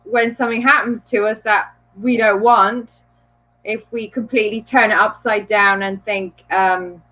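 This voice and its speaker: A woman's voice: medium pitch, fairly even intonation, measured pace, fairly bright tone, low-quality recording. An Irish woman from near Dublin, a bubbly guest chatting live on a video call. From Ireland. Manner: bubbly, laughs easily. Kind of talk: live online chat.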